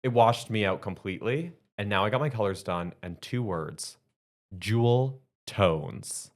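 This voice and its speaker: A man from Canada co-hosting a podcast, chatting casually and gushing with quick asides. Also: on the low side, animated. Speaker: podcast co-host. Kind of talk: casual chat.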